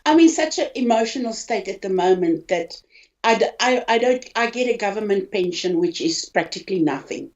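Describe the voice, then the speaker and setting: An older woman from South Africa recounts her hospital experiences with raw emotion, stumbling and repeating herself as she talks. Her pitch sits mid-range for a woman. The audio is dull and lo-fi. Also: lively intonation, a little mellow. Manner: halting, repeats words, voice rising when upset. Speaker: interviewee, hospital patient. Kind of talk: emotional personal account.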